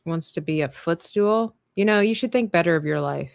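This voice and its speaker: A woman's voice: fairly low pitch, normal speed, creaky, no room sound, studio quality. A woman hosting a live drawing stream, chatting playfully and thinking aloud as she works. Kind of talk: casual chat while drawing.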